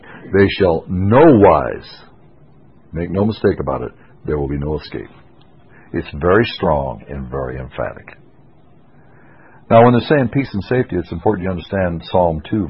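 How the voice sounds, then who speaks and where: Husky deep-voiced preacher on lo-fi radio. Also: male voice. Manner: emphatic, rising to forceful insistence. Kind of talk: expository Bible sermon. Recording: dull lo-fi radio broadcast.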